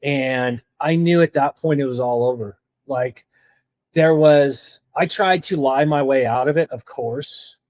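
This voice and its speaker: A man's voice: medium pitch, no room sound. Earnest man telling his story, dry close sound. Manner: earnest, heavy use of "like" fillers. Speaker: podcast guest. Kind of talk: recounting a personal story.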